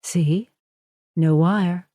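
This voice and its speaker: A woman's voice: fairly low pitch, fairly even intonation, drawn-out words, dark tone, no room sound, studio quality. A woman narrator voicing a female undercover agent who talks firmly and defiantly. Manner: firm, defiant.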